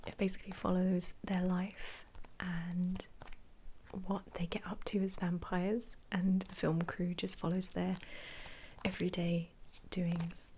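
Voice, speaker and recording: A young woman, an ASMR creator, whispering casually about her favourite films, giggling often and pausing on ums. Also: lowish voice, a little mellow, a little hiss or hum. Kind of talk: whispered ASMR film chat.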